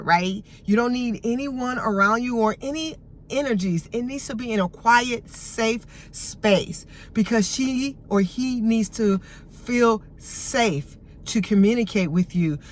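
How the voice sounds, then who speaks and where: A middle-aged woman talking as a behavioral health coach in a self-help vlog, guiding listeners gently and soothingly. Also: fairly high pitch. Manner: gentle, soothing, unhurried guidance.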